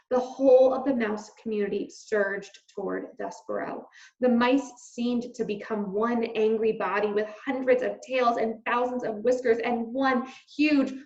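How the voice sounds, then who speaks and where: A woman teacher reading a children's novel aloud with expressive storytelling. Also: fairly high pitch. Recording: roomy, slightly dull recording.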